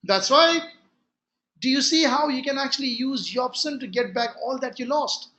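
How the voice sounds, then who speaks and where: Male sales trainer, emphatic, repeats himself, sharp high voice. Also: animated, moderate pace. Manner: emphatic, repeats key phrases, frequent restarts.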